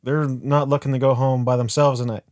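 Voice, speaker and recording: A young man co-hosting a casual podcast, telling a crude story with lots of swearing and animated retellings. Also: mid-range voice, fairly quick, no echo, studio quality. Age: young adult. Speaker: podcast co-host. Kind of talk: casual chat.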